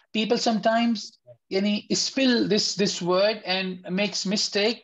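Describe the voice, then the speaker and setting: In an online tajweed class, this Quran recitation teacher patiently repeats letter sounds slowly and checks that his students are following. He has a high-pitched, somewhat bright voice, recorded with lo-fi sound.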